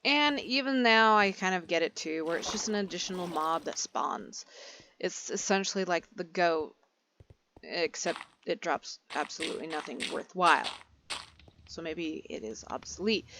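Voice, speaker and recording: A woman's voice: fairly low pitch, noisy background. A young woman giving casual gameplay commentary, chatty and rambling, easily sidetracked. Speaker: gaming video creator.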